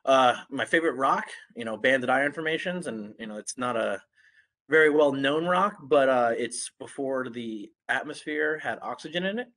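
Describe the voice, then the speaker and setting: A man's voice: mid-range voice, moderate pace. A young man with a congested, just-recovering voice gives a casual online talk as a guest speaker, with lots of fillers and restarts. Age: young adult. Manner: relaxed, many fillers and restarts.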